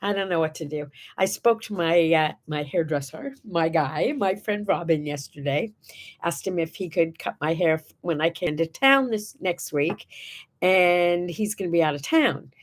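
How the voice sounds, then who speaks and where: A woman's voice: on the low side, expressive, slow pace. A middle-aged woman hosting a casual morning chat, telling stories and acting out the people she quotes. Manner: chatty storyteller, acts out quotes. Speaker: host.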